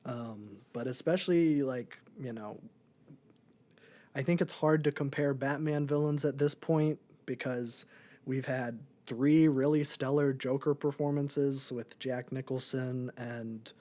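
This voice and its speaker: A man's voice: medium pitch, fairly even intonation, a little slow, warm tone. A young man co-hosting a podcast, chatting casually about a movie in a rambling, laid-back way with lots of filler. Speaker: podcast co-host. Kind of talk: casual movie review chat.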